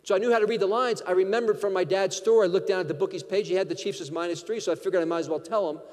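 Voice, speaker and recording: A man from Connecticut giving a keynote speech, telling a lively anecdote and acting out the dialogue. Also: sits high, racing. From Connecticut, USA. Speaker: keynote speaker. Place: large conference hall. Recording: long hall reverb.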